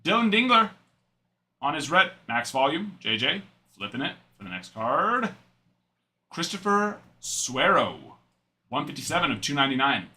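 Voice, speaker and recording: Young male card-break host, bright and animated, rambling chatter between card calls. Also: fairly high pitch, moderate pace, pauses often. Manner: chatty, rambling asides while reading out cards. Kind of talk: live card-break stream chat.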